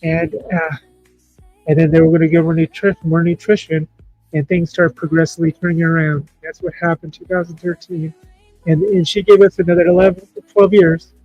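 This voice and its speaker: A man hosting a livestream in casual chat, talking in an emotional, halting, heartfelt way. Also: fairly high pitch, flat delivery, a little mellow, no echo, dull audio, soft background music. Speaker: livestream host.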